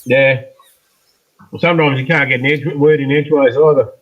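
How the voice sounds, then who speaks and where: A man's voice: mid-range voice, fairly even intonation, fairly quick, narrow, tinny audio. A man co-hosting a live stream, cracking dry jokes and bantering with the chat.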